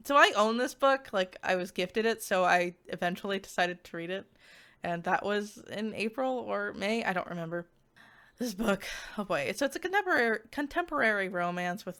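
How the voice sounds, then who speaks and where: A woman's voice: medium pitch, fairly bright tone. A woman giving a casual book review vlog, chatty and giggly, with lots of filler words.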